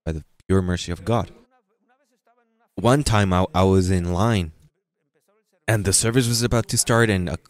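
Man preaching, low voice, dry close sound, acts out churchgoers. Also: no room sound. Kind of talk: sermon.

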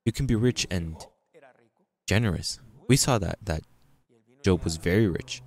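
A man's voice: low-pitched, unhurried. A man preaching a sermon in a conversational way, reading scripture and telling everyday stories. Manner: conversational preaching, restarts, reads scripture aloud. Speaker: pastor.

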